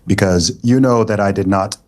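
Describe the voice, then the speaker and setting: A man on a panel debate, speaking in a calm, measured and deliberate way. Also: fairly low pitch. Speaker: panel guest.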